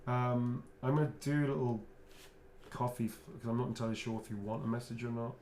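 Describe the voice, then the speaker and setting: A man's voice: medium pitch, steady tone, fast talker, slight background noise. Playful swearing man chatting while signing. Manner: playful and teasing, swears freely, chuckles often; drops to a quiet mutter while drawing. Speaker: actor signing autographs on a livestream. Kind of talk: casual chat while signing.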